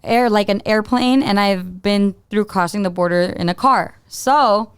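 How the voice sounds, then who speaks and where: A woman co-hosting a casual podcast, telling a story in an animated way with lots of fillers and playful teasing. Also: mid-range voice, unhurried, clean tone. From Mexican-American. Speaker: podcast co-host.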